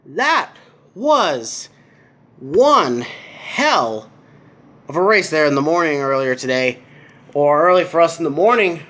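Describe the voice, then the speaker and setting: A man's voice: on the high side, very animated, a little slow, fairly bright tone. A young American man giving a casual, rambling race review, full of fillers and restarts, in a room at home. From United States. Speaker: vlogger. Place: indoor room with a TV.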